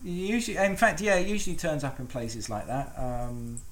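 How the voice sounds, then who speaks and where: A man's voice: on the high side, steady tone, moderate pace. A man co-hosting a casual film podcast, rambling and swearing, with lots of ums and restarts. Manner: rambling, profane, many fillers. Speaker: podcast co-host.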